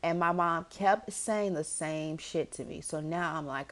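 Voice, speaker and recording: A woman with a slightly low voice hosts a podcast, telling a personal story in a loose casual monologue. She talks with animated emphasis, swears freely and keeps calling the listener "girl". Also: moderate pace. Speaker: podcast host.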